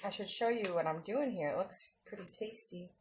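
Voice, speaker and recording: A woman's voice: mid-range voice, brisk, noisy background. A woman chatting casually with her viewers while she cooks on a livestream, giggling now and then. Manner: chatty, giggly, talks to chat while cooking. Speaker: livestreamer cooking. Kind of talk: casual cooking livestream chat.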